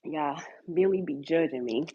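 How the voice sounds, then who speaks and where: A woman's voice: deep voice, normal speed, slight background noise. A woman streaming live from her home kitchen at night, chatting casually with viewers and talking to her dogs. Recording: tinny phone-like sound.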